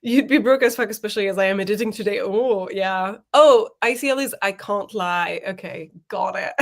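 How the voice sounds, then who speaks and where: A woman's voice: mid-range voice, normal speed. A young adult woman co-hosting a livestream, chatting casually and reading out viewer comments, laughing often. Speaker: co-host of a writing sprint stream.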